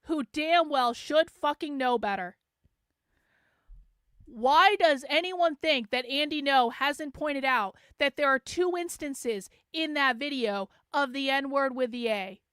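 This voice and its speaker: A woman's voice: high-pitched, slow pace, a bit bright, no echo, studio quality. A woman hosting a livestream, talking sarcastically and profanely to her chat. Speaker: host. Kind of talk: livestream commentary.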